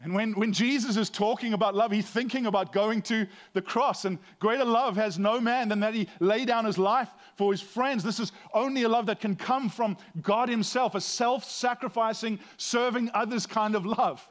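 A man's voice: high-pitched, moderate pace, few pauses. A middle-aged man, a pastor, giving a conversational sermon with frequent restarts and a self-deprecating humor.

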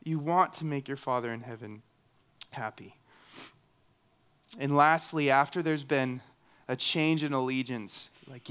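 A man's voice: mid-range voice, steady tone, normal speed, a bit bright, clear, resonant tone. A man in his thirties preaching a sermon in an earnest, conversational way, with humorous asides. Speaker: pastor.

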